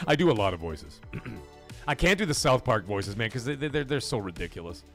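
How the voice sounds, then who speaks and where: A man's voice: medium pitch, very animated, normal speed, soft background music. A man hosting a live gaming podcast stream, ranting profanely and greeting his chat by name.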